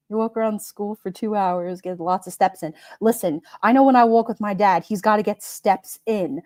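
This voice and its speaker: A woman's voice: medium pitch, moderate pace, hardly any pauses, darkish tone, dry recording, clean studio sound. A woman with a Brooklyn accent hosting a casual live stream, chatting, reading out viewer comments and laughing often. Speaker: livestream host.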